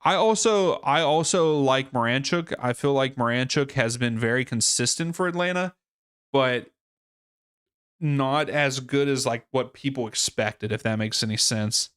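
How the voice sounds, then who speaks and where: A man's voice: medium pitch, unhurried, fairly bright tone, smooth, no room sound, clean studio sound. A man hosting a live soccer watchalong stream, chatting casually and thinking aloud with fillers and restarts. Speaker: livestream watchalong host.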